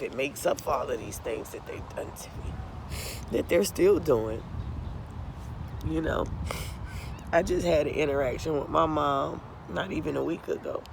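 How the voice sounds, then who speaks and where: A woman's voice: deep voice, creaky, noisy background. A middle-aged woman vlogging an emotional, tearful testimony, impassioned and profane, calling her viewers "y'all" again and again.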